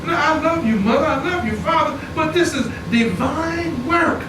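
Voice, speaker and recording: A man's voice: very high-pitched, moderate pace. A man preaching a fervent, repetitive sermon in a temple hall, driving his points home with rising emphasis. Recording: echoey hall, distant mic, noisy.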